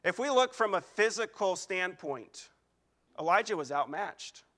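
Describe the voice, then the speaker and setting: A young man preaching at a youth service, reading scripture aloud and telling animated personal stories. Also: high voice, unhurried. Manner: animated storytelling that mimics crowds.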